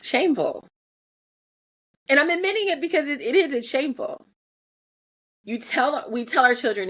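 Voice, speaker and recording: A woman's voice: a little high, normal speed, pauses often. A woman, a mother in her thirties, speaking candidly and earnestly about parenting, owning up to her own faults with frequent restarts. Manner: earnest, self-critical, animated with restarts. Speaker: mother sharing parenting reflections. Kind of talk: candid personal talk.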